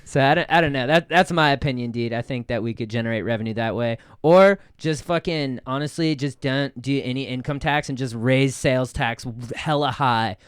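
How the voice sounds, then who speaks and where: A man's voice: mid-range voice, fairly quick, few pauses, clean tone, no echo, studio quality. A young man hosting a podcast, talking in casual slang with lots of swearing and repeated words. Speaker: podcast host.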